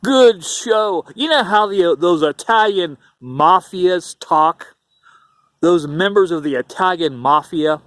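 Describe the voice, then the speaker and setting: A man's voice: on the high side, measured pace, fairly bright tone, no echo. A man telling a rambling, repetitive story in a casual vlog monologue. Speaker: YouTuber.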